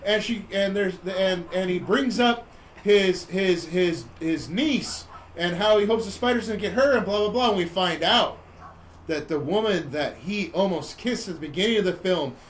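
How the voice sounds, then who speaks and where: A man hosting a podcast, casually retelling a movie plot in a rambling, animated way and acting out the characters' lines. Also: sits high, normal speed, a little hiss or hum. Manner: rambling, animated storyteller who acts out quotes. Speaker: podcast host.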